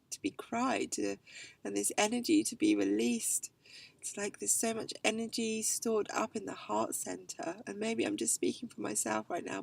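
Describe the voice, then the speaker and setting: A woman who works as a healer, talking in a reflective spiritual vlog, soft and halting, often sinking to a whisper. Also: mid-range voice, gravelly, breathy edge, no room sound, far from the mic, poor audio. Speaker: healer working with clients.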